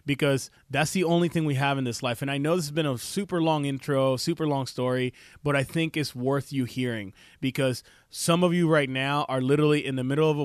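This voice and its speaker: A man's voice: medium pitch, dry recording, clean studio sound. Heartfelt man hosting a talk show. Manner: heartfelt, emotional, preachy. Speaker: show host. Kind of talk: personal story and advice on a talk show. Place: Ohio.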